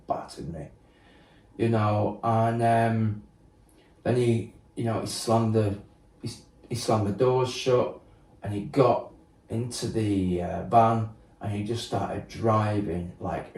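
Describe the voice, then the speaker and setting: A man's voice: fairly low pitch, a little mellow. A man telling his story as a guest, blunt and sweary, acting out what people said. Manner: blunt, swears, acts out quotes, many fillers. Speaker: podcast guest. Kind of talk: candid storytelling. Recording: roomy sound, distant mic.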